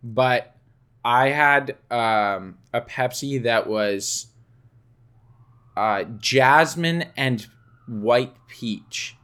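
A young man co-hosting a podcast, chatting in a laid-back way with drawn-out words. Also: medium pitch, bright, forceful tone, clean tone. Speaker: podcast co-host. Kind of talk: casual chat.

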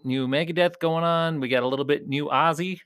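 Male vlog host in clown persona; a touch higher-pitched, loose and rambling. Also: fairly even intonation, a little fast, a bit bright, smooth. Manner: chatty, rambling, talks to viewers as "you guys". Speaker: clown character host of a collecting show. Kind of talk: casual rambling vlog chat.

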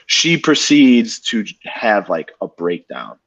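Lively low-voiced man telling a story. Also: slow, creaky. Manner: animated, swears casually, acts out dialogue. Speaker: podcast co-host. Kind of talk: casual storytelling chat. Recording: dull lo-fi podcast audio.

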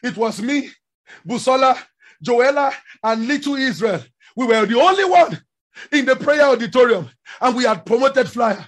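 A man preaching a sermon with passion, often shouting. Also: very high voice, animated, moderate pace. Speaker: pastor.

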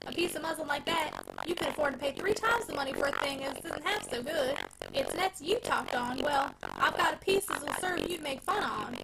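A woman's voice: high-pitched, huge pitch swings, brisk, gravelly, over music, full character voice, poor audio. A woman doing a wheedling rustic packman. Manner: rustic dialect, pleading and coaxing. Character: wheedling country packman, man, humble, sly. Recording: loud background noise.

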